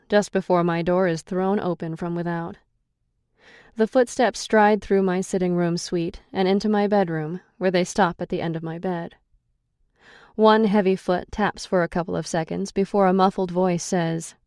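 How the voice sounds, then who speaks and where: A woman's voice: lowish voice, dark tone, no echo. A woman narrating a first-person audiobook in a wry, sarcastic storytelling manner, close to the mic.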